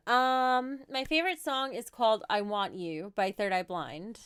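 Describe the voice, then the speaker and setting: A woman's voice: a little high, unhurried, a bit bright, clean tone, no echo, studio quality. Chatty New Jersey woman in her thirties. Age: 30s. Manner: chatty, answers viewer questions with frequent light laughs. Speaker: livestreamer. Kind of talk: casual livestream Q&A.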